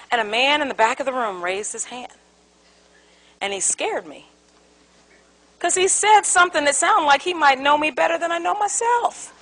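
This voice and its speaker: A woman's voice: sits high, bright, forceful tone, poor audio. A woman giving an interactive seminar talk on conflict resolution to a live audience. She tells stories animatedly, acts out quotes and asks the room questions.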